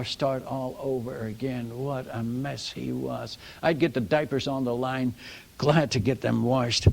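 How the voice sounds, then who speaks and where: An older man, a missionary preacher, telling stories from the pulpit in a folksy, animated sermon style, calling the audience folks and friends. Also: mid-range voice. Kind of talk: storytelling sermon.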